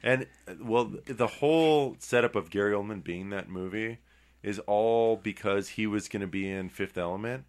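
A man's voice: on the low side, normal speed. Man ranting casually about a movie. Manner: animated, swears freely, lectures on film trivia.

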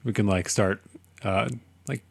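A man's voice: fairly low pitch, steady tone, a little slow, gravelly, slightly rough, no room sound. A young man co-hosting a comedy podcast in casual chat, playful, with crude quips. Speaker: podcast co-host.

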